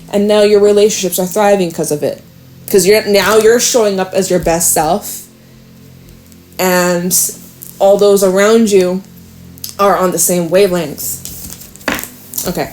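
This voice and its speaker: A woman giving a casual, frank tarot reading to her viewers, chatty and quick to swear and laugh. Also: medium pitch, darkish tone. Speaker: tarot reader.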